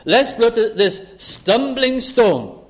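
High-voiced male preacher expounding scripture. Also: animated, takes it slowly. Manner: expounds scripture, acts out dialogues. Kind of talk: sermon.

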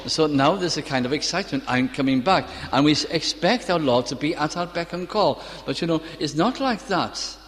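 An older man preaching a sermon, earnest and storytelling, reciting scripture slowly and tenderly. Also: a little high, animated, a bit bright, a little hiss or hum. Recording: long reverb of a church hall.

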